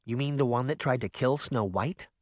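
A man reading a storybook voices an eager little girl who sounds breathless with excitement. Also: medium pitch, normal speed, no room sound, clean studio sound, natural voice. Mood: excited.

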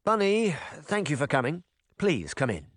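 A man's voice: fairly high pitch, huge pitch swings, moderate pace, husky, no echo, studio quality, voice pushed up, full character voice. A man reading a storybook voices an earnest prince with formal, courteous speech. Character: polite, earnest male prince.

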